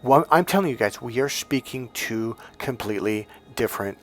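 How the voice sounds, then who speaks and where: A man's voice: mid-range voice, animated, moderate pace. A middle-aged man teaching as a dating coach, blunt and profane, acting out stories as he talks. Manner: blunt, profane, storytelling with acted-out voices. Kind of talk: instructional monologue.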